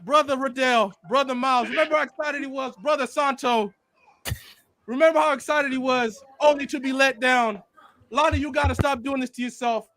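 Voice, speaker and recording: A man putting on a preacher's voice for a mock eulogy, swelling loud and dropping soft in sermon cadence. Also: extremely high pitch, a little fast, no echo, clean studio sound, voice pushed up, full character voice. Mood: solemn. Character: adult male preacher delivering a mock eulogy. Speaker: podcast host.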